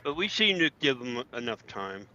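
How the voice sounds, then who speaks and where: A man's voice: medium pitch, big pitch swings, moderate pace, sharp tone, slight background noise. A man co-hosting a casual podcast, rambling and trailing off with lots of ums. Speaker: podcast co-host. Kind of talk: casual chat. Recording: dull lo-fi sound.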